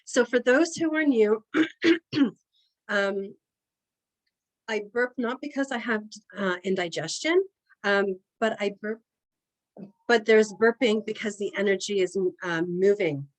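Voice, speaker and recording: A young woman leads an energy healing session from her home. She talks informally and hesitantly, with many fillers and pauses, at a middling pitch. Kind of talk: guided healing session talk.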